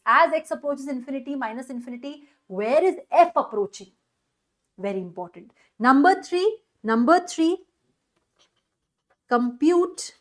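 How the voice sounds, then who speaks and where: A woman maths teacher with an Indian English accent, giving an energetic online exam-prep lecture and coaxing students with questions. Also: a little high.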